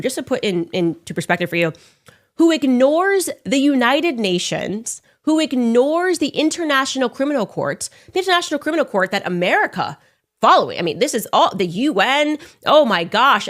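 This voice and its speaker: A woman delivering opinionated political commentary in a sarcastic, animated way. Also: fairly high pitch. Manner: sarcastic, animated, mocks with put-on voices.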